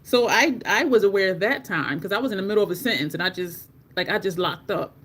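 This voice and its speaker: A woman beauty vlogger tells a story while she does her makeup. She talks casually and swears freely, and her voice leaps into high squeaks whenever she quotes herself. Her voice sits at a medium pitch. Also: fast talker, husky. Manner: animated, swears, jumps to high squeaks when quoting herself.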